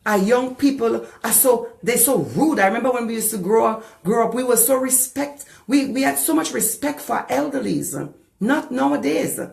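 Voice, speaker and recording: A woman's voice: on the high side, animated, normal speed, vocal fry, a little mellow, echoey room. A woman from the Caribbean preaching a sermon as a pastor, passionate and repeating phrases for emphasis. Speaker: pastor and deliverance minister.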